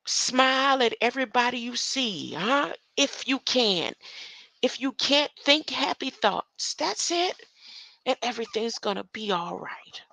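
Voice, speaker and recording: Slow, gravelly woman musing aloud. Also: on the high side, bright, forceful tone, no echo, poor audio. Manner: tags lines with a questioning "huh?"; laughs between thoughts. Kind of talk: rambling spiritual monologue.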